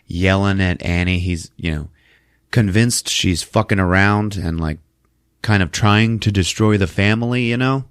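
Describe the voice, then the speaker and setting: A man's voice: deep voice, a little slow, clear, resonant tone, dry recording, clean studio sound. A man hosting a podcast, casually retelling a film with loose, profane energy. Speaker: podcast host recapping a film. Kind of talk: casual chat.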